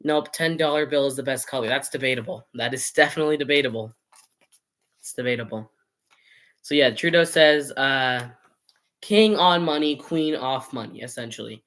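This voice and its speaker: A man's voice: a little high, fairly bright tone. A man giving his views in a casual vlog to camera. He rambles, argues with imagined viewers and changes his mind as he goes. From Canada. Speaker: vlogger. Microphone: camera mic, showing items on camera.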